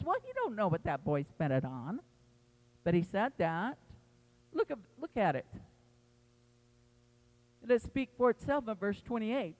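A woman's voice: mid-range voice, a little slow, pauses often. Woman pastor preaching in a reverberant hall. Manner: animated storytelling, acting out quoted voices. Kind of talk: sermon.

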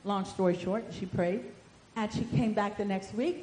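A woman preaching a sermon in a fervent storytelling manner, swinging between shouts and hushed asides. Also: fairly high pitch, normal speed. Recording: echoey room.

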